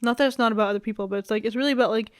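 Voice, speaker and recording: Chatty young woman, slightly high voice. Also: rapid-fire. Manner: rambling, filler-heavy, laughs often, swears casually. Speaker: vlogger. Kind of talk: casual chat to camera.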